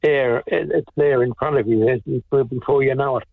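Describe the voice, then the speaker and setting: A man phones in to a talkback show, talking haltingly with lots of pauses. His voice is gravelly and husky. It comes down a tinny phone line. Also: medium pitch, fairly even intonation, no echo. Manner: hesitant, halting, says "mate". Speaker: caller.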